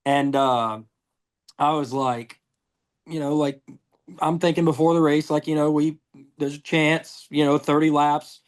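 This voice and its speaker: A young man from Georgia, telling profane, lively race stories as a podcast guest. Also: a little high, unhurried, pauses often. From Georgia, USA. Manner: profane, lively anecdotes with acted-out dialogue. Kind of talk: casual storytelling.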